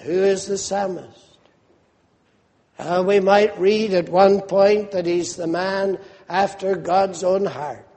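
A man preaching a sermon in a measured, emphatic way, repeating phrases for stress. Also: high-pitched, steady tone, a little mellow. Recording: long reverb of a large hall.

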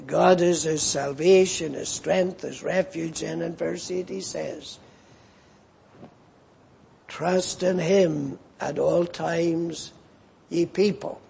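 A man preaching a sermon in a slow, earnest manner that rises as it builds. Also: sits high, creaky, warm tone, slightly rough.

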